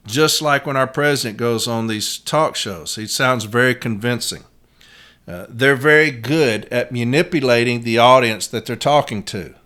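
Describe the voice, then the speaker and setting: Animated bright-voiced storytelling man. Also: medium pitch. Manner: animated storyteller, acts out quotes, frequent "uh" fillers. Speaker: podcast host, union advocate. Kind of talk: casual storytelling monologue.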